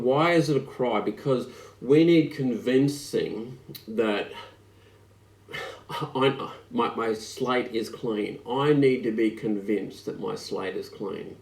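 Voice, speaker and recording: A man preaching an online sermon, speaking slowly and reflectively with frequent pauses and fillers. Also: mid-range voice, gravelly, darkish tone. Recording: echoey room.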